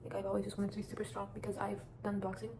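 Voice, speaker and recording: A teenage girl rambles through casual advice in a chatty, meandering way, circling back on herself often. Her pitch stays fairly level, with little rise and fall. The recording is roomy and echoey, with clear background noise underneath. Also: monotone, racing. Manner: rambling, chatty, many restarts and "like" fillers. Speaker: vlogger.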